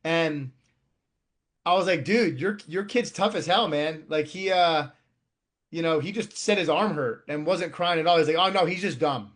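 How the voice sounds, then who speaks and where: A man in his thirties talking as a podcast guest and youth coach, his voice sitting a little higher than usual for a man. He chats casually, packing his speech with filler words and plenty of swearing. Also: normal speed. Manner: blunt and profane, heavy on filler words.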